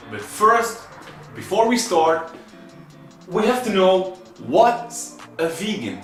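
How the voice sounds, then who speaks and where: A man's voice: sits high, sing-song, unhurried, far from the mic. Young man vlogging in an echoey room. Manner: earnest, rambling explainer with many fillers. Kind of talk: casual chat. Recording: echoey room, off-mic, faint background music.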